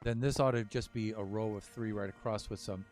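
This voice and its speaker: A man's voice: on the low side, fairly even intonation, brisk, darkish tone, soft background music. A man casually talking through his building as he streams a game, thinking aloud with many fillers. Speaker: Minecraft streamer.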